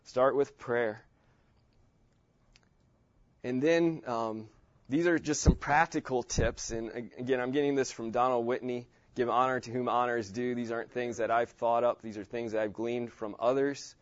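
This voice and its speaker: A man's voice: mid-range voice, steady tone, moderate pace, no echo. Guy teaching a bible class, loose and chatty, lots of ums, kinda muffled dry recording. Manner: casual, with many fillers and restarts.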